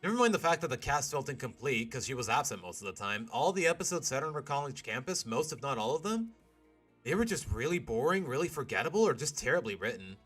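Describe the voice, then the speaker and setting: A man's voice: medium pitch, quick pace, breathy edge, faint music behind. A man hosting a live stream, chatting casually and rambling, often cutting himself off mid-sentence. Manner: animated, rambling, self-interrupting. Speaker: streamer host.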